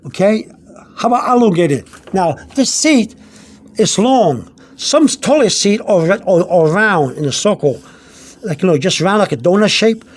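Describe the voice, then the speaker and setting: A man teaching vocabulary in an unscripted video lesson, halting, repeating himself and filling pauses, slowing down to spell out words. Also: high voice, expressive. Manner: searches aloud through his notes. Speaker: language teacher.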